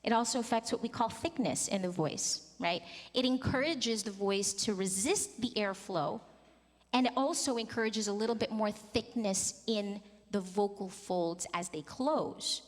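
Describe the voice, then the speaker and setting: A woman's voice: mid-range voice, a little slow. A woman in her thirties teaching a singing workshop, demonstrating vocal sounds and coaxing the group to join in. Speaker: vocal coach. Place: large conference hall. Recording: long hall reverb.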